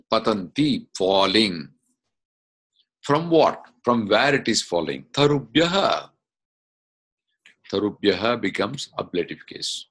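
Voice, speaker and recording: Slow, low-voiced man teaching. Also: fairly bright tone. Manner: slow, explains step by step with questions. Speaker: Sanskrit teacher. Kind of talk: online lesson. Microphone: video call.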